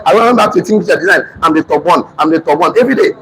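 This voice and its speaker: A man in his thirties with a Nigerian accent, giving an emphatic motivational seminar talk, often shouting and repeating lines for his audience. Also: on the high side, animated, fast talker. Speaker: motivational speaker. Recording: noisy room recording.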